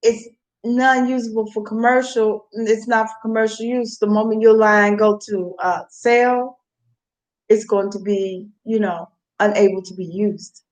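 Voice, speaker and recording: A woman's voice: mid-range voice, steady tone, unhurried. A woman vlogging in a meandering, casual monologue, repeating herself as her thoughts wander. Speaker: mukbang vlogger.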